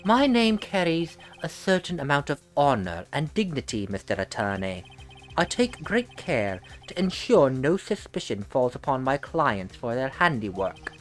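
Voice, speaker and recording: A woman doing a suave, courteous male assassin, low and calm. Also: unhurried, full character voice. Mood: calm, menacing. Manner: courteous, formal, quietly menacing. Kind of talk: fan voice-over of a game.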